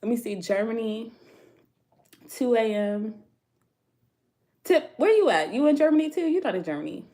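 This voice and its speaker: A woman's voice: fairly high pitch, animated, moderate pace, long pauses, dark tone. Laid-back American woman livestreaming. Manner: laid-back slangy talk, laughs often. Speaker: tarot reader livestream host. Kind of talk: casual livestream chat with viewers. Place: home.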